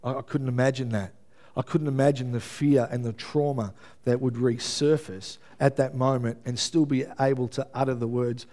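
A man preaching a conversational sermon. He is earnest, checks in with his listeners with a quick "yeah?", and stumbles over his words as he builds intensity. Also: medium pitch, steady tone, mellow. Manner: builds intensity, stumbles and repeats himself when moved.

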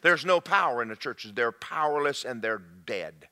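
A man preaching a sermon to a congregation, swinging between loud shouts and quiet, confiding asides. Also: medium pitch, expressive, normal speed.

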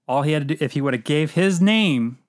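A man's voice: fairly high pitch, expressive, fairly quick, no room sound, studio quality. A man co-hosting a casual movie chat, talking loosely with frequent swearing and trailing asides. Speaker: podcast co-host.

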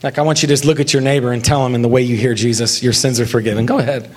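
A young man, a pastor, preaching a lively sermon with jokes and calls for the congregation to join in. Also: medium pitch, rapid-fire. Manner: lively, joking, talks with the congregation.

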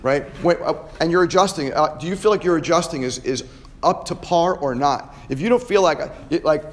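A man's voice: fairly high pitch, a little fast. A man hosting a podcast, giving an emphatic motivational talk to students and ending many phrases with "right?". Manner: emphatic, repeats "right?" often. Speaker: podcast host and chiropractor.

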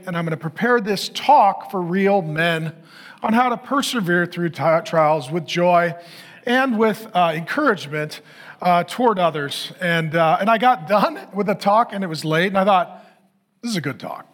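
High-voiced pastor telling a self-mocking story. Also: male voice, expressive, normal speed, a bit bright. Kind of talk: sermon.

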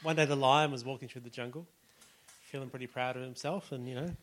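A man preaching a sermon in a relaxed, conversational way, with many "you know" and "all right" asides. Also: medium pitch, fast, a little hiss or hum. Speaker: pastor.

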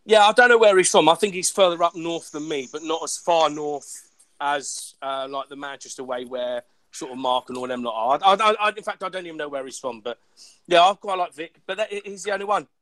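Young English man, casual guest chat, high bright voice, laughing and self-deprecating, dry close sound. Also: brisk, dry recording. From England. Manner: animated, laughing, self-mocking about his own common speech.

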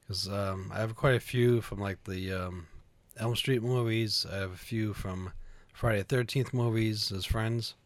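A man's voice: on the low side, steady tone, measured pace, no room sound. A man chatting casually, laid-back and hesitant, with many fillers and frequent laughs. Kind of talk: casual chat.

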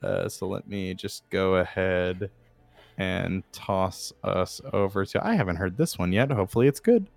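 A man's voice: sits low, a little slow, creaky, darkish tone, no echo, soft background music. A man with a New Jersey accent running a tabletop game as game master, chatty and laughing, with lots of fillers.

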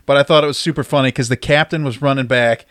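A man's voice: mid-range voice, fairly even intonation, fairly bright tone, no room sound. Dry-sounding man chiming in with quips. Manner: amused, chiming in with quick quips. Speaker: podcast co-host. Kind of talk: casual chat about a movie.

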